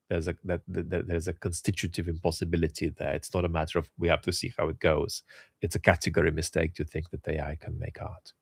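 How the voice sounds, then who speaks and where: Male host, middle-aged, very low voice, emphatic measured delivery with restarts. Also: gravelly, darkish tone, no echo. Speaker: host answering viewer questions. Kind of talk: solo Q&A talk.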